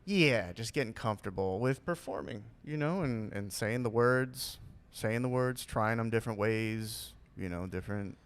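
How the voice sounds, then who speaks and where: A man's voice: on the low side, normal speed, few pauses, clear, resonant tone. A man chatting as a guest on a podcast, rambling and self-deprecating, with restarts and trailing fillers. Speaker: podcast guest, actor and comedian. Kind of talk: casual podcast chat.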